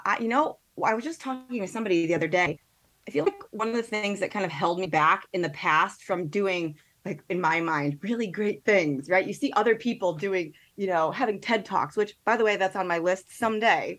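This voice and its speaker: A woman, a podcast guest, chatting casually and telling a story with quick asides and quoted thoughts. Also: mid-range voice, expressive, a bit bright. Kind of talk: casual chat.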